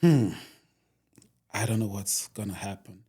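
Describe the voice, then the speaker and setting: A man's voice: lowish voice, a little slow, mellow, breathy edge. A young man, a podcast guest telling his story earnestly, often adding "you know". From Nigeria. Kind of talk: casual interview storytelling.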